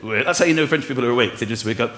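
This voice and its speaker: An English man performing a stand-up comedy routine, acting out voices and bursting into excited shouts. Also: mid-range voice, racing, very noisy. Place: comedy stage before a live audience. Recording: live stage audio with loud crowd laughter.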